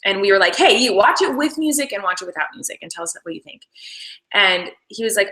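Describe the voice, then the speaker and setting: Rambling and dropping lots of "like"s, a young actress gives casual commentary on shooting her show. She talks quickly in a sharp, medium-pitched voice over poor-quality audio.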